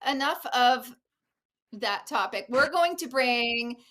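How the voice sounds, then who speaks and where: Chatty bright-voiced woman host. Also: on the high side, animated, takes it slowly. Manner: chatty, laughs often, reads live comments. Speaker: talk show host. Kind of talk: casual live show chat. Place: Oregon.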